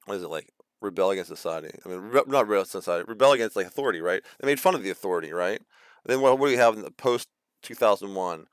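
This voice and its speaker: Male, 30s, rambling casual rant, lots of fillers; low, smooth, dry close sound. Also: expressive, rapid-fire, no room sound. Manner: rambling, with many fillers and restarts; acts out quoted voices mockingly. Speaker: video host. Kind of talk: casual ranting monologue.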